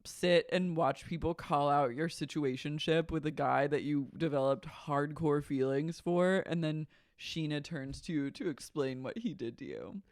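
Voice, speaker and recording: A woman co-hosting a casual podcast, recapping gossip and acting out what people said in quick impressions. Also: deep voice, dry recording, clean studio sound. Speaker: podcast co-host. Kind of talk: casual chat.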